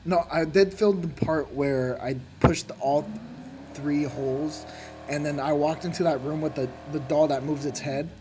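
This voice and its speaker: A man's voice: fairly high pitch, fairly even intonation, unhurried, warm tone, a little hiss or hum. Profane, laughing male game streamer. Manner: profane, rambling storyteller who laughs often. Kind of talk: casual gaming chat.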